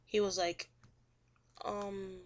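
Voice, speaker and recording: A young woman student talks through the plot of a book in a loose, chatty way. She leans on fillers and often lets her voice sink low and quiet at the ends of phrases. Her pitch sits in an ordinary middle range. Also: flat delivery, extremely slow, slight background noise. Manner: chatty, says "he was like" and "um" often. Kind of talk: casual book summary.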